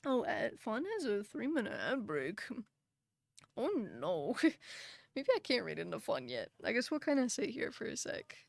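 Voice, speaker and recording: A woman's voice: on the high side, big pitch swings, measured pace, creaky, dry recording, studio quality. A young woman streaming live, chatting casually with her chat in a sympathetic, filler-heavy way, a little tired and out of breath. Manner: chatty, sympathetic, frequent fillers and soft laughs.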